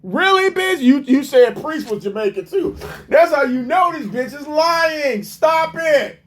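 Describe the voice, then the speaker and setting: Mocking, animated man ranting slowly. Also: very high voice, a little hiss or hum. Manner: mocking, incredulous, swearing heavily. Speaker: commentator. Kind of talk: profane reaction commentary.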